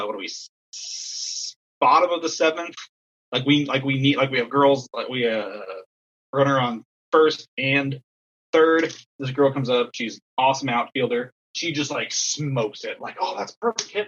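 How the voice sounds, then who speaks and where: Husky, bright-voiced young man. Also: mid-range voice, muffled recording. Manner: rambling, filler-heavy, animated storyteller. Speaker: podcast co-host and assistant softball coach. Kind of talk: casual storytelling chat.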